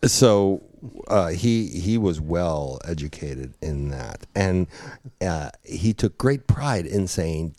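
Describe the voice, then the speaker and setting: A man's voice: low-pitched, expressive, takes it slowly, darkish tone, no room sound. A middle-aged man, once a teacher, telling stories in a casual chat and laughing often.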